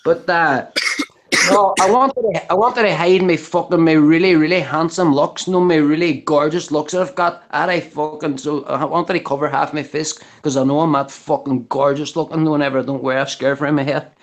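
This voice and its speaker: A man's voice: fairly high pitch, fairly even intonation, moderate pace. A man chatting as a guest, rambling and stop-start, with heavy cursing. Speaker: guest caller. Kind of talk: casual chat.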